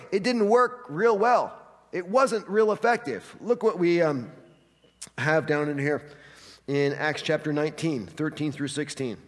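A man preaching a sermon, acting out quotes with animated delivery in a church hall. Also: on the high side. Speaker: pastor. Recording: long hall reverb.

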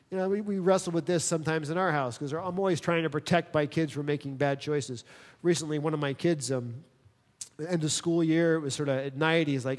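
A middle-aged man preaching a sermon, animated and full of rhetorical questions, often mimicking other people's voices. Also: a little high, moderate pace. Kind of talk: sermon on parenting. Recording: long hall reverb.

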